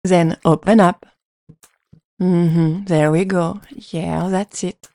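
A young woman speaks slowly and closely into the mic, her voice warm and mellow. She performs a dominant, teasing adult audio role-play, full of breathy murmurs. The sound is dry and intimate. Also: fairly low pitch, fairly even intonation, dry recording.

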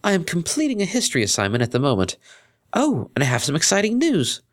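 A man's voice: on the high side, wildly swooping pitch, fast, pitched above the performer's own voice. A man voicing a poised, well-bred female pony cellist with a polite, formal manner in a fan fiction reading.

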